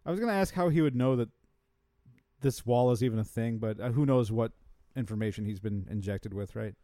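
A man's voice: medium pitch, brisk, dry recording, studio quality. A man co-hosting a podcast, chatting casually about a film, laughing often and quoting lines. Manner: animated, laughs often, quotes the film in put-on voices. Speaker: podcast co-host. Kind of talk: casual movie commentary chat.

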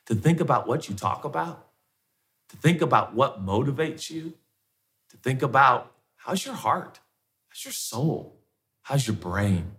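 A man's voice: mid-range voice, big pitch swings, a little slow, pauses often, fairly bright tone. A male pastor preaching a conversational sermon, firing off repeated rhetorical questions.

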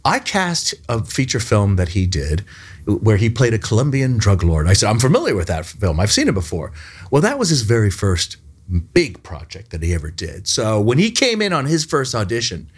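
Lively storytelling man, lots of pitch swing. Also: moderate pace, husky. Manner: lively storyteller acting out quoted voices. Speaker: podcast guest. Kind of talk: animated anecdote telling.

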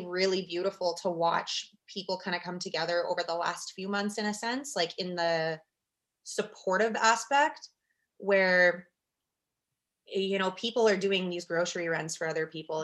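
A young woman telling a warm story in casual chat, full of "like" and "you know". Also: fairly low pitch, steady tone, moderate pace. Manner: chatty, fillers like "like" and "you know".

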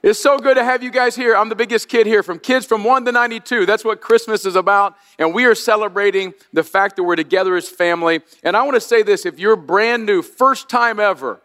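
High-voiced lively pastor preaching at Christmas. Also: male voice, fairly quick, hardly any pauses, long reverb tail. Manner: lively, folksy preacher addressing the congregation directly. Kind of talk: Christmas Eve sermon. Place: church sanctuary.

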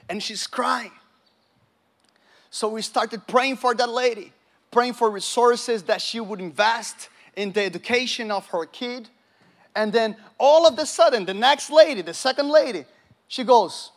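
A man with a notably high voice preaches to a live congregation. He tells a personal testimony, acting out the dialogue. He keeps turning to the crowd with questions. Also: normal speed, a bit bright. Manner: storytelling, acts out dialogue, engages the audience. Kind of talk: sermon with testimony.

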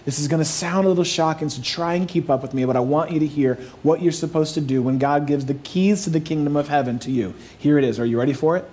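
A pastor delivers a sermon in a high, light male voice. He preaches with animated emphasis and slips in playful, joking asides to the congregation. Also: fast talker, hardly any pauses.

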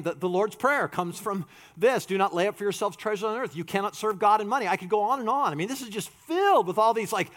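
A male pastor delivers a sermon in a high, very lively voice. He swings between loud, emphatic lines and hushed ones, acting out quotes as he goes. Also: brisk.

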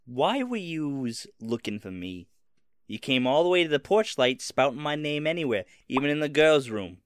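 A man's voice: mid-range voice, very animated, moderate pace, smooth, no room sound, clean studio sound, voice pushed up, natural voice. A man playing a curt, sassy young woman suspect. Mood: snippy. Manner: curt, sassy put-downs. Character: blunt tough young woman suspect, impatient.

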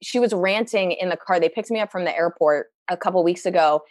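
A woman's voice: fairly low pitch, brisk, no echo. Chatty young woman comedian, dry mic. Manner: chatty, lots of fillers, animated quoted asides. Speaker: stand-up comedian, guest. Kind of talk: casual conversational storytelling.

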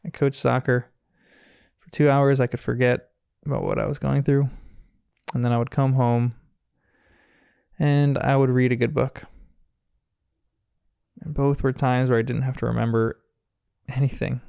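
An American man hosts a podcast and recaps a cartoon episode in an earnest, reflective manner, chuckling often. His smooth, resonant voice carries a gravelly edge. The close, dry recording has no room sound. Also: mid-range voice, little pitch movement, a little slow, long pauses, a little mellow, no room sound. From United States. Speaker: podcast host.

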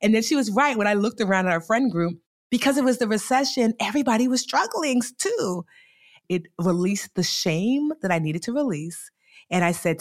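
A woman in her forties telling her own story as an interview guest, in a chatty, animated way with many fillers. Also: fairly high pitch, normal speed. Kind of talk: casual storytelling.

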